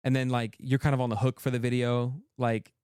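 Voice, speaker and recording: Man, podcast guest, quick earnest chat, smooth dry voice. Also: medium pitch, little pitch movement, darkish tone, dry recording. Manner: quick, earnest, full of restarts. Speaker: content creator guest. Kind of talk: casual interview chat.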